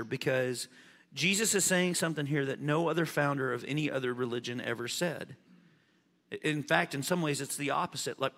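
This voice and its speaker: A man preaching a sermon as pastor, animated, swinging from loud emphasis to quiet asides. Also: on the high side, in a large hall.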